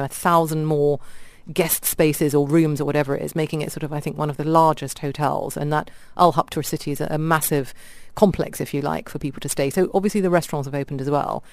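A woman from India chatting on a radio show, telling animated stories about restaurants. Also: low-pitched, no room sound. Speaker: radio guest reviewer. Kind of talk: casual radio chat.

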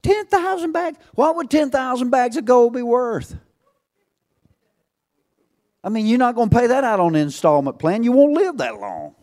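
A man preaching a sermon to a congregation, swinging between loud calls and hushed asides and asking rhetorical questions. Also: very high voice, big pitch swings, moderate pace, long pauses.

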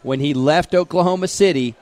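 Opinionated slangy radio co-host. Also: male voice, a little high, fairly quick, a little mellow. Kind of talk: casual sports talk radio banter.

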